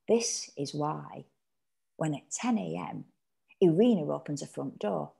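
Low-voiced English woman reading a story. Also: a little mellow. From England. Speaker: actor reading a short story. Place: home.

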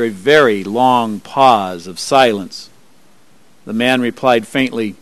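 A man pastor preaching a sermon in church, measured and steady, with occasional restarts. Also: mid-range voice, no room sound. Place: church sanctuary.

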